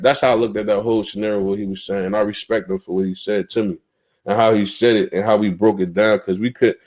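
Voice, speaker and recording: A man's voice: lowish voice, darkish tone. A young man from North Carolina with a Southern accent, hosting a talk show in a blunt, profane way with many restarts. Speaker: podcast host. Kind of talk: casual talk-show monologue.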